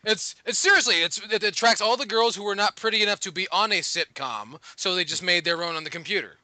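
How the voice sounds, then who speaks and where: A man's voice: high voice, fast talker, sharp tone, no echo. A man firing off sarcastic, crude one-liners in casual podcast chat.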